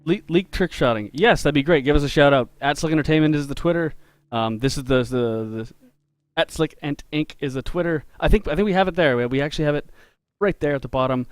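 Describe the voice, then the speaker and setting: A man telling a story in a relaxed, chatty way, laughing often as he draws live on a stream for his viewers. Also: a little high, a little fast, clear, resonant tone, no echo. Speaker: game developer and artist streaming live. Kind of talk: casual storytelling while drawing on a live stream.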